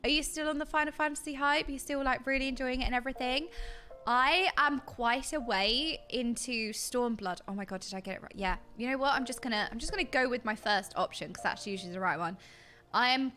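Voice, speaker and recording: Bubbly high-voiced British woman streamer. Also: fairly quick. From Britain. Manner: bubbly, chatty, excitable. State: dry throat. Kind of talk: casual chat with live stream chat. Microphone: desk mic.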